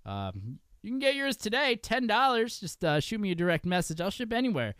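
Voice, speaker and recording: A man's voice: sits high, sing-song, a little fast, a bit bright, clean tone, dry recording, studio quality. A man hosting a casual podcast chat, loose and profane, laughing often and restarting his sentences. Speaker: podcast host.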